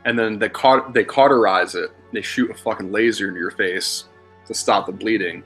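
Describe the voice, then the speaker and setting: A man's voice: on the low side, fairly even intonation, moderate pace, fairly bright tone, husky, soft background music. A man in his thirties from Philadelphia, a podcast guest in casual chat, telling rambling, candid stories and swearing freely. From Philadelphia, USA.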